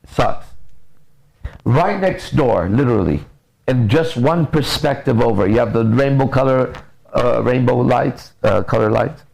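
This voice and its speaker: A man's voice: medium pitch, a little slow, gravelly, low-quality recording. A man coaching on relationships in a blunt, profane, casual podcast talk. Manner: blunt, profane, lively storytelling.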